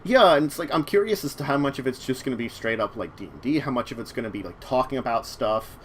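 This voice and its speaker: A man's voice: mid-range voice, animated, fast, slight background noise. A man hosting a casual chat show about tabletop games, talking in a rambling way. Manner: rambling, many fillers and restarts. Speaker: talk show host.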